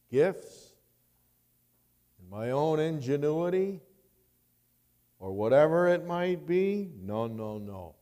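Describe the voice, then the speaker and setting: Pastor, male, slow and emphatic sermon delivery, mellow tone, church hall reverb. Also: a little high. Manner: slow, emphatic preaching with dramatic rises.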